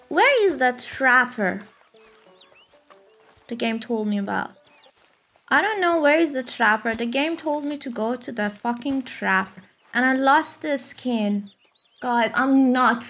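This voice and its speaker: A woman from Iran streams a game in a high, lively voice. She talks slowly, then bursts out with curses and exclamations. Soft music hums behind her. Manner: excitable, swears and exclaims often. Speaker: let's play streamer. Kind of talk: casual gameplay commentary.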